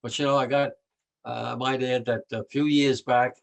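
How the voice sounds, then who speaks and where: A man's voice: medium pitch, little pitch movement, normal speed, gravelly, low-quality recording. A man in his nineties, a war veteran being interviewed, who talks in a rambling, emphatic way with many restarts and grows emotional. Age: 90s. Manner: gets emotional about his subject. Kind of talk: conversational interview.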